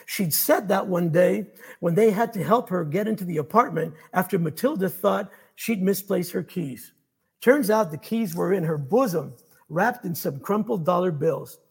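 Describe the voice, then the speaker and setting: A male author reading his own fiction aloud in a measured storytelling manner. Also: high voice, gravelly, breathy edge.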